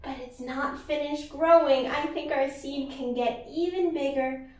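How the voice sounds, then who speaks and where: A woman teaching a yoga class for small children, guiding them in a slow, gentle and playful way, with sung lines and animal sounds. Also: high-pitched, echoey room, distant mic.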